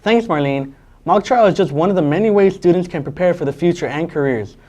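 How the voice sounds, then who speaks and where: A teenage boy anchoring a school news show, reading scripted links in a brisk, upbeat way. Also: a little high, expressive, a little mellow. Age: teens.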